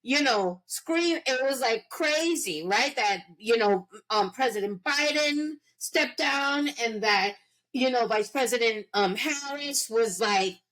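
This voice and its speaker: A woman's voice: a little high, slow pace, a bit bright, low-quality recording. A middle-aged woman talking casually on a podcast, emphatic and full of fillers, acting out her own reactions. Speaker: podcast guest.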